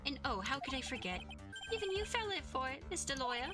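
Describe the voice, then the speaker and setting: A woman's voice: high voice, big pitch swings, quick pace, music in the background. A woman voicing a smug, two-faced young male celebrity villain with mocking sing-song taunts in a video game.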